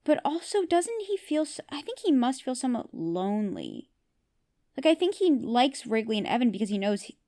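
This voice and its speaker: Speaking at a medium pitch with a darkish tone, a woman hosts a podcast where she recaps a TV episode. Her style is casual and opinionated, and she often asks her audience questions.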